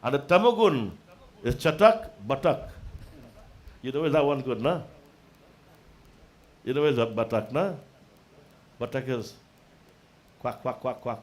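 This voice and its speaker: A man giving a devotional sermon, calling out invocations and dropping to quiet asides. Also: medium pitch, lively intonation, a little slow, long pauses. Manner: preaching with sung-out invocations and dropping to soft asides. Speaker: religious speaker. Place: religious festival gathering.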